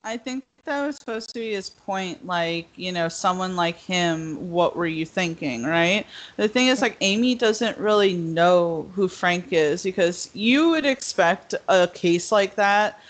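A woman's voice: on the low side, lively intonation, measured pace. Young woman rambling with many fillers. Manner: rambling, filler-heavy, acts out quotes. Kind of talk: casual podcast discussion.

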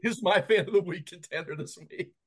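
Dude on a podcast getting worked up telling a story, laughing, kinda high voice. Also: male voice, brisk, husky. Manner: animated, laughing, emphatic storyteller. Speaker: podcast co-host. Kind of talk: casual chat.

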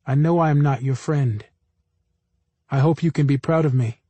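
A man narrating a first-person audiobook in a plain, even storytelling manner. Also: a little high, moderate pace, no echo.

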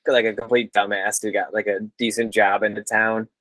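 A man's voice: lowish voice, little pitch movement, brisk, a bit bright, dry recording. Rambling dry-voiced podcast man. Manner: rambling, lots of fillers and self-corrections. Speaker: podcast host. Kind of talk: casual chat.

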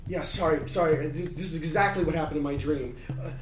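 A man playing a tabletop game, speaking in character in a hesitant, halting way. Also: on the high side, a little hiss or hum. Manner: hesitant, halting, with many fillers. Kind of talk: in-character role-play. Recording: roomy sound from a distant mic.

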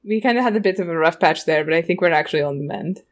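A woman's voice: fairly low pitch, lively intonation, racing. A woman playing a tabletop game, rambling casually with lots of "like".

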